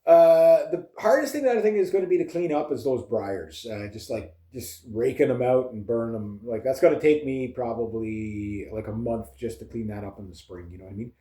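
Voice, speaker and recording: A man's voice: mid-range voice, animated, normal speed, few pauses, mellow, echoey room. A man from Canada telling rambling farm stories as a vlogger, chatty and laughing often, with lots of fillers. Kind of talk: casual rambling storytelling.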